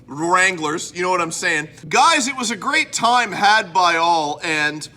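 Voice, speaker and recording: A man's voice: sits high, animated, measured pace, sharp tone. A man from Canada hosting a casual home vlog, rambling and joking at his own expense. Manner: rambling, self-mocking, jokey. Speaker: host.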